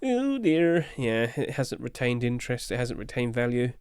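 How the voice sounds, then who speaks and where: A man's voice: mid-range voice, big pitch swings, normal speed, darkish tone, clear, resonant tone, dry recording, studio quality. A man giving casual, upbeat commentary as he reviews game skins, chatting along with light chuckles.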